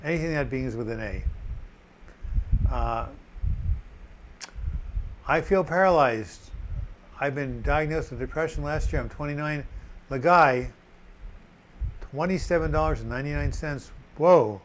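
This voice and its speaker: A man's voice: a little high, unhurried, pauses often, a little hiss or hum, low-quality recording. An older man hosting a live chat, reading out viewer comments with joking asides.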